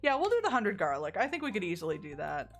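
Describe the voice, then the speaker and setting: A woman's voice: fairly low pitch, very animated, fast talker. Chatty woman streaming a farming game. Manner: chatty, joking, reads game text aloud. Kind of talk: casual live-stream gameplay chat.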